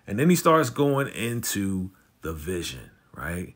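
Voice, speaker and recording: A man giving a casual, slangy recap of a TV drama episode, telling it with animated energy. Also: low voice, slightly rough. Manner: animated, slangy storytelling, often fast. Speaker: YouTube show recapper.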